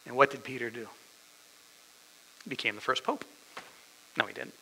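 A male preacher giving a dramatic sermon, swinging from loud declarations down to whispers. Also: medium pitch, normal speed, slightly rough, rough recording.

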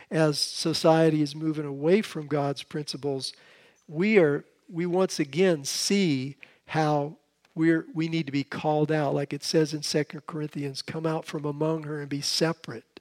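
Male Bible teacher, voice on the high side, casual talk with many restarts. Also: darkish tone. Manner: conversational, with frequent restarts. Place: seated, with a drink at hand.

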